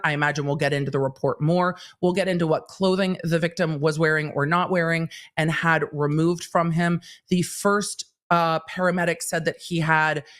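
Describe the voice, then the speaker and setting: A woman hosting a casual livestream, recapping a trial in a chatty way, acting out quotes as she retells them. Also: lowish voice. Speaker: legal commentator and livestream host.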